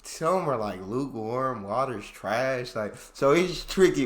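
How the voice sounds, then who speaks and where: A man's voice: mid-range voice, lively intonation, unhurried, reverberant. An American man hosting a reaction video in casual, laid-back, slangy chat. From United States.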